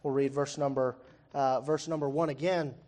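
A man's voice: mid-range voice, fairly even intonation, normal speed, darkish tone. A young man preaching a sermon, chatty and conversational, asking the congregation questions with wry asides. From Virginia. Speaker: pastor. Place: church hall before a congregation.

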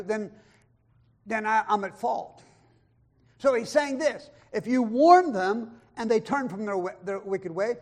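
High-voiced man preaching with emphatic swings. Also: normal speed. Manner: emphatic, swings between loud and hushed; quotes scripture in old-style wording. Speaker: pastor. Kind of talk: sermon.

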